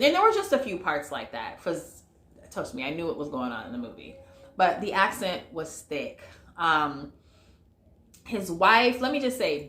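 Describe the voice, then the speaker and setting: A woman's voice: fairly low pitch, fairly bright tone, reverberant. A woman giving a casual vlog movie review, chatty and full of fillers, talking straight to her viewers. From United States. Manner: chatty, lots of fillers, addresses viewers as y'all.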